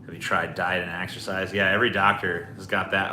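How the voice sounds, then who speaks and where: A man's voice: low voice, flat delivery, brisk, hardly any pauses, pushed and bright, a little hiss or hum. A man hosting a livestream in casual, profane, rambling chat. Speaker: livestream host. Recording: echoey room with faint music.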